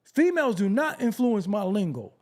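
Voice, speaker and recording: Hosting a live stream, a Brooklyn man with a New York accent launches into an unscripted rant, profane and mocking, firing off rhetorical questions. His voice is high and very animated, delivered at normal speed.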